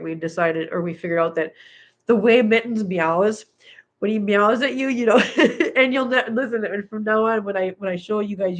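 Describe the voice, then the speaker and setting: A woman hosting a casual live-stream from her couch at home, chatting with viewers and cooing at her cats. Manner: chatty, coos at her cats in a high baby voice. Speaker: cat channel host.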